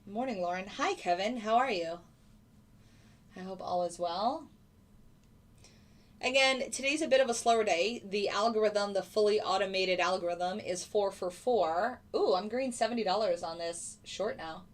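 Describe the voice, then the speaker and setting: A woman's voice: mid-range voice, normal speed. A woman hosting a live trading stream, chatting casually and answering viewers by name. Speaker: livestream host. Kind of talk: casual livestream chat.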